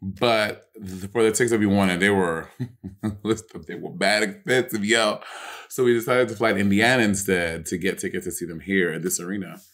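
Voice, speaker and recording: A man's voice: fairly low pitch, steady tone, moderate pace, a bit bright. A man co-hosting a podcast in casual chat, blunt and swearing, trying to move the talk along. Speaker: podcast co-host.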